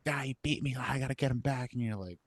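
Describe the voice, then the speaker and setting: A young man co-hosting a podcast tells stories in a loose, laid-back way, full of filler words. His voice sits at a middle pitch. The sound is dry and close, with no room echo. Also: fast talker. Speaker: podcast co-host. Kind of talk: casual chat.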